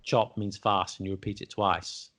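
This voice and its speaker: A man's voice: fairly low pitch, level tone, normal speed, a bit bright. A man hosting a casual podcast chat, quizzing his guest on word origins with playful, teasing repeats. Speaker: podcast host.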